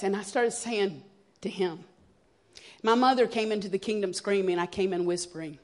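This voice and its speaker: A woman, sharing her personal testimony as a guest speaker in an earnest, expressive storytelling manner. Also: mid-range voice, normal speed. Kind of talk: testimony sermon.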